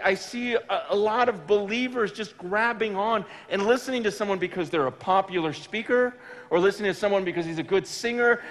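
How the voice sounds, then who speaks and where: Male preacher with a high voice, telling a story from the pulpit, animated and emphatic. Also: in a large hall. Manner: animated, emphatic, with bursts of loud excitement. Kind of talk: storytelling sermon. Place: large room with an audience.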